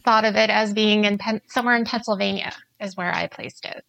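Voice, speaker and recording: A woman co-hosts a podcast in casual chat, her voice heavy with vocal fry yet bright in tone. She is recorded close and dry, and she drops wry asides. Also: medium pitch, fairly even intonation, brisk, no room sound, low-quality recording. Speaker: podcast co-host.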